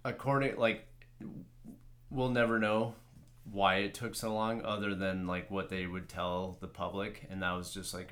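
A man's voice: deep voice, flat delivery, moderate pace, a bit bright. A man hosting a podcast, chatting casually in a rambling, filler-heavy way and swearing now and then. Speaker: podcast host. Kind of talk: casual chat.

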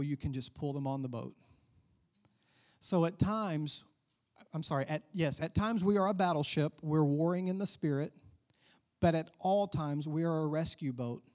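A man's voice: fairly high pitch, a little mellow. A man, a pastor preaching a sermon in a conversational way with asides to the congregation.

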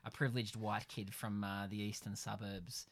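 A man's voice: fairly low pitch, little pitch movement, normal speed. Middle-aged Australian male podcast co-host, wry and meandering. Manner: dry, wry and rambling, with many fillers. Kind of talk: casual chat. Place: a house in the evening.

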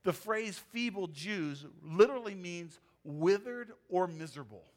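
A man preaching from the pulpit as pastor, his voice sitting high for a man. He delivers the sermon with emphatic swings, climbing in pitch and volume to press a point, then dropping low and quiet. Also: expressive, unhurried.

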